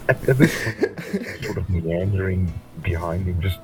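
A man's voice: low-pitched, lively intonation, a little slow, darkish tone, soft background music. A man narrating as game master, playful and laid-back. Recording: distant mic with faint background noise.

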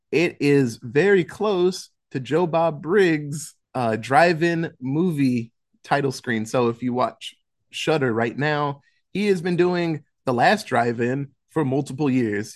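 A man on a podcast casually recapping a horror movie plot, rambling with lots of fillers and restarts. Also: mid-range voice. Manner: casual, chuckles while recapping. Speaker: podcast co-host.

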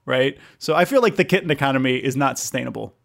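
A man's voice: medium pitch, quick pace, gravelly, a bit bright. A man co-hosting a casual podcast, rambling with lots of fillers and laughing often. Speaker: podcast co-host. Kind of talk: casual chat.

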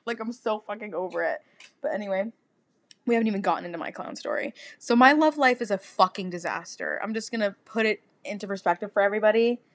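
A young woman co-hosting a casual podcast chat, loud and profane, breaking into quick laughter. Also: medium pitch. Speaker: podcast co-host.

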